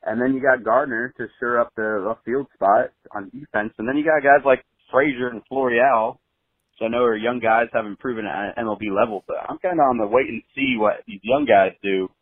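A man's voice: mid-range voice, normal speed, husky, no echo. A man leaving a rambling, casual voicemail for a podcast, full of "you know". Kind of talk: voicemail message. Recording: tinny phone line voicemail.

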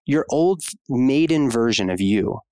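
A man's voice: mid-range voice, expressive, measured pace, warm tone, clear, resonant tone, no echo. A man speaking as a guest on a conversational podcast, talking passionately and frankly, casual with fillers and the odd swear word. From United States. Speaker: podcast guest, obstetrician-gynecologist.

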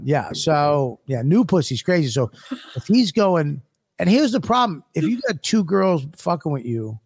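A man's voice: fairly high pitch, a little mellow. A man co-hosting a podcast, trading brash, profane jokes in casual banter. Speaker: podcast co-host. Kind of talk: crude comedic banter.

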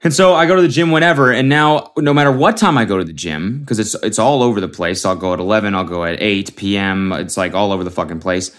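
A young man with a fairly low-pitched voice, hosting his own comedy podcast alone. He rambles in a loose, profane way and keeps restarting his sentences as he riffs. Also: fast talker, hardly any pauses, fairly bright tone. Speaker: podcast host. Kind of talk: solo comedic podcast monologue.

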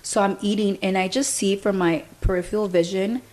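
A young woman hosts a podcast and talks in a loose, chatty way. She peppers her sentences with "like" and retells what happened by quoting people. Her voice sits at an ordinary middle pitch for a woman. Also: steady tone, a little fast, a little mellow. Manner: chatty, fills speech with "like", retells events through quoted dialogue. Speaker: podcast host. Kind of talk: casual storytelling chat.

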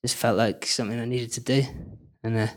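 A man's voice: medium pitch, little pitch movement, a little fast. A man telling stories on stage as a filmmaker guest at a live event, rambling loosely and laughing often.

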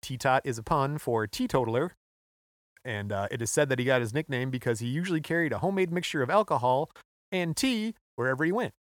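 A man co-hosting a podcast, relaxed as he recounts a history story and laughing often. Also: medium pitch, brisk, no room sound, studio quality. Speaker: podcast co-host. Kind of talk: casual storytelling chat.

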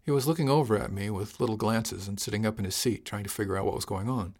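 A man reading first-person narration in an audiobook, with a measured, wry delivery. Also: lowish voice, a little mellow.

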